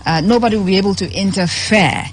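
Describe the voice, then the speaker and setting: Her voice is husky and medium-pitched, and she speaks at a quick pace. The Nigerian-accented woman hosts a radio show from a studio microphone, mixing chat with news reading and stressing words by repeating them.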